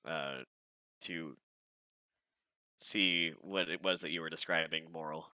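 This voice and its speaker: Deep-voiced man running a tabletop game. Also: steady tone, slow pace, bright, forceful tone, dry recording, poor audio. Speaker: game master.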